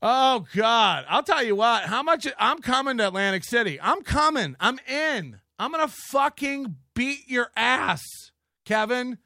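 Casting: male livestream host, high bright voice, profane and mocking, dry close sound. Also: expressive, unhurried, dry recording. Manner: profane, mocking, laughs often. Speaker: live show host. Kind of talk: casual livestream commentary.

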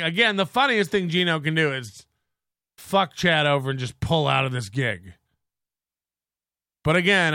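A man's voice: a little high, vocal fry, sharp tone, smooth, no room sound, studio quality. A man hosting a livestream, rambling casually with a sarcastic, blunt manner. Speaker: host.

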